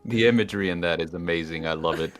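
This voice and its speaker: A man's voice: sits low, fast, fairly bright tone, soft background music. A man chatting as a guest on a casual livestream, playful, laughing often and trading puns.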